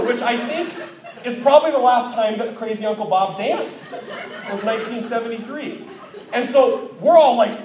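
A man preaching a sermon as pastor, telling a lively story and then closing in a quieter, earnest tone. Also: very high-pitched, moderate pace, some chatter behind. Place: church sanctuary. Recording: roomy distant church recording.

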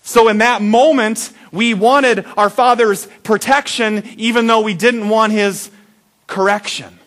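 A man preaching a sermon, telling a childhood story with acted-out voices and big swings between loud and soft. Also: high-pitched, fairly even intonation, measured pace. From Iowa. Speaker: pastor.

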